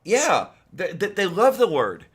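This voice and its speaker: A man chatting casually as a co-host, slow and unhurried, with a bright, sharp edge to his voice. He rambles and hesitates, filling gaps with ums and uhs. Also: sits high, huge pitch swings, husky. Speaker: podcast co-host. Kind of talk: casual chat.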